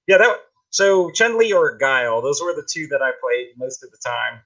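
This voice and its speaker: A man chats on a podcast in a bright, forceful voice. His pitch moves up and down a lot as he talks, which gives him a lively, animated sound. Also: moderate pace, poor audio. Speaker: podcast co-host. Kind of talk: casual podcast chat.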